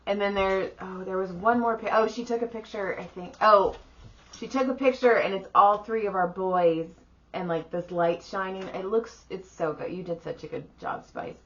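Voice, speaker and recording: Chatty middle-aged woman, bright voice. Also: medium pitch, steady tone, lo-fi sound. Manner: chatty, quick to laugh. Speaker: podcast co-host. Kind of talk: casual chat.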